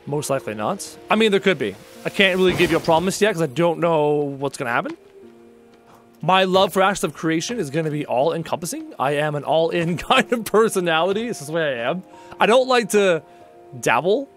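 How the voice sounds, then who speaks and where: A young man with a high, very lively voice chats with his viewers while he plays a game live. He jokes freely and keeps calling people dude. Faint music runs underneath. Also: a little fast. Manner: casual, joking, addresses chat as dude. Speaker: streamer. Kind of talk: live gameplay stream, chatting with viewers.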